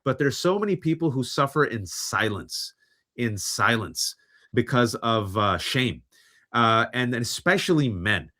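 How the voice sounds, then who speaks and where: A man in his forties hosting a livestream and talking about men and mental health, animated and often mimicking other people's voices. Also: medium pitch, a little slow. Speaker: host. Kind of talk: livestream commentary.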